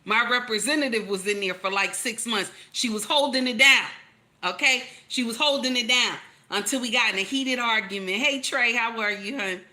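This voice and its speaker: Emphatic woman with a bright voice. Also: fairly high pitch, normal speed. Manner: emphatic, repeats lines, calls out to listeners. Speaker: relationship commentator. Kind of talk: casual preachy commentary.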